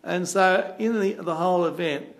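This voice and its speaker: A man from Australia with an Australian accent, telling a travel story in a chatty, animated way. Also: high voice, normal speed. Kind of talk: casual anecdote.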